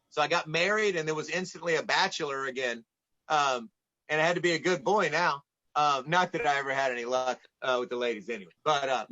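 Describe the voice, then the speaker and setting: A high, bright man's voice from Atlanta, spinning casual stories as a podcast guest. He acts out the people in his tales as he goes. The audio is a little dull and muffled. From United States, Atlanta. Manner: lively anecdotes, acts out quoted dialogue. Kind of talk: casual storytelling in conversation.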